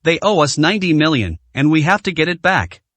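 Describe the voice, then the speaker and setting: A woman's voice: low voice, very animated, a little fast, no room sound. A man reading a stern young woman chairman. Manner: stern, commanding.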